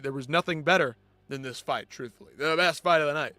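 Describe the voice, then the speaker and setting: Dude hosting a live fight recap, bright edgy voice, swearing a lot, dry close sound, bit of music under it. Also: male voice, on the high side, quick pace, no echo. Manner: blunt, profane, exasperated ranting. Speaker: host. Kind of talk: live post-fight commentary.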